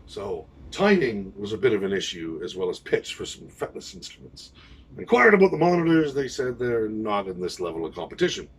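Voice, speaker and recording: A man recounts a story in a casual, wry way. His voice is husky and rises and falls a lot. He sounds a little distant from the mic. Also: fairly low pitch, very animated, brisk. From Canada. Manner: wry, rambling anecdote with quoted dialogue. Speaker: pirate band musician.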